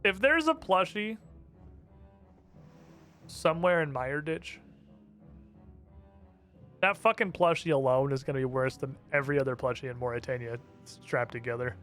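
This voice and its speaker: A man's voice: mid-range voice, lively intonation, moderate pace, pauses often, fairly bright tone, faint music behind. A man streaming a video game, chatting casually, swearing and laughing as he plays. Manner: chatty, profane, laughs a lot. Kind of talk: casual gameplay commentary.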